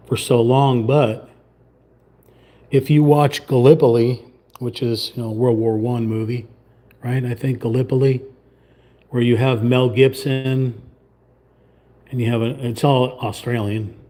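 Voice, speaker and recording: Brief: livestream host, man, mellow tone, casual rambling chat at his painting table. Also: medium pitch. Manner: rambling, chatty, trails off into muttering.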